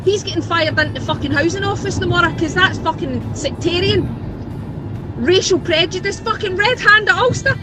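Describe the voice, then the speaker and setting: A woman's voice: very high voice, rough recording. A Scottish woman in a furious, sweary rant, talking from a car. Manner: furious, sweary, shouting bursts. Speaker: resident ranting on video. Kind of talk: angry rant.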